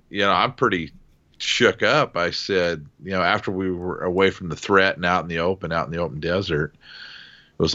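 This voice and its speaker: A man and former helicopter door gunner recounting a flight in casual, profane conversation, acting out the shouts in his story. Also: sits low, dull audio. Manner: relaxed, profane, acts out quoted shouts. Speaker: military aviation veteran, former door gunner.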